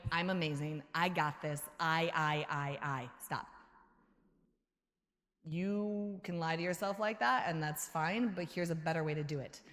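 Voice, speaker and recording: Lively woman keynote speaker in a hall. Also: fairly low pitch. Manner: energetic, laughing, acts out her inner voices. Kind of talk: conference talk answering audience questions. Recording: hall reverb.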